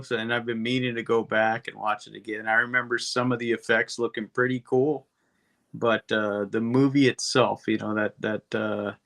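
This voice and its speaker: A man co-hosting a movie podcast in relaxed, hesitant chat, often pausing to search for words. His voice has a gravelly rasp. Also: medium pitch. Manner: laid-back, hesitant, many fillers. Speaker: podcast co-host. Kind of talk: casual movie review chat.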